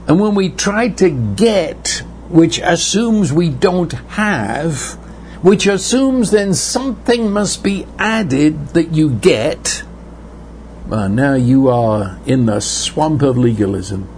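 Man, sermon, earnest, unhurried, faint room ambience behind. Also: on the high side, animated, a little mellow, slight background noise. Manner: earnest, repeats words, slows for emphasis. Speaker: preacher.

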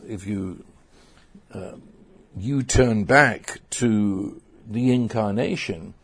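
A man preaching a sermon, slow and emphatic, often restarting his phrases. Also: mid-range voice, a little mellow, slightly rough.

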